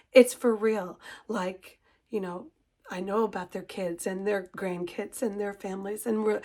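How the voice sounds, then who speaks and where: A woman's voice: mid-range voice, steady tone, moderate pace, a little mellow. A middle-aged woman who runs a cross-stitch shop, chatting casually to her viewers in an emotional, gushing way and holding back tears. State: tearful, composing herself. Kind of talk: casual chat to camera.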